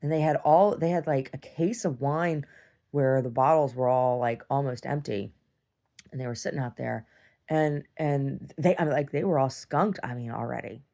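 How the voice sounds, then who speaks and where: A woman's voice: rumbling low, normal speed, vocal fry, dark tone. A young woman talking in a meandering video diary, full of "like"s, restarts and casual swearing. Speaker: video diarist. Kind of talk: rambling personal video diary.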